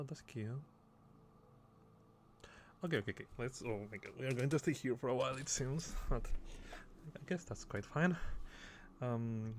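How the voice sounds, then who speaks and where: Male gamer, mid-range voice, unhurried casual commentary that reads out game text, with faint background noise. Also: medium pitch. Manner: reads on-screen game text aloud, chuckling often. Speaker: gamer playing on video.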